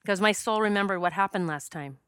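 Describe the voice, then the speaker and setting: Earnest woman with smooth, dry voice. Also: medium pitch, fast, a bit bright, no room sound. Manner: earnest, emotional, many fillers and restarts. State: choked up at times. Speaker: past life regression specialist. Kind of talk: personal storytelling monologue.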